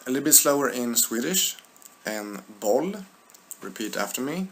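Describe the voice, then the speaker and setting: A man teaching an online language lesson, reading word lists aloud and speaking in a deliberate, hesitant way with many filler sounds. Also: mid-range voice, very animated, gravelly, a bit bright, a little hiss or hum. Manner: deliberate, hesitant with frequent filler sounds, repeats words for learners.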